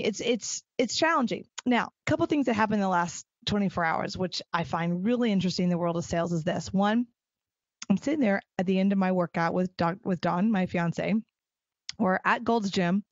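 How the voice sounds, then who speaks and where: A middle-aged woman hosting a solo podcast. She talks in an animated, emphatic way and repeats phrases for stress. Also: mid-range voice, dry recording, highs cut off. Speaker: podcast host. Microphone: close mic at a desk chair.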